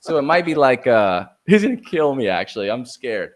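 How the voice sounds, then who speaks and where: A man's voice: mid-range voice, big pitch swings, moderate pace. A young man on a podcast as a guest, chatting energetically, laughing often and swearing casually. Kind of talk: casual chat.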